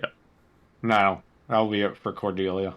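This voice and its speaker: A man playing in a tabletop game, describing his character's moves in a hesitant, unhurried way with soft laughs. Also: lowish voice, little pitch movement, muffled recording. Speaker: player. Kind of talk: tabletop game play, casual chat.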